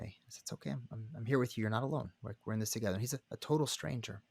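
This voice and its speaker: A man, a rabbi and counselor, telling a personal story as a podcast guest in an earnest, halting way. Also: fairly low pitch, steady tone, vocal fry, slightly rough, dry recording. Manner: earnest, halting, many restarts. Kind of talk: conversational storytelling.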